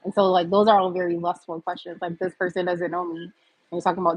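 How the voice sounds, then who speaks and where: A woman's voice: on the low side, little pitch movement, fast, slightly rough, no room sound, highs cut off. A woman in her fifties from the US East Coast, chatting candidly with viewers on a livestream and reading their comments aloud. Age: 50s. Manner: chatty, candid, laughs often. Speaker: livestream host. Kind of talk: casual live chat reading comments.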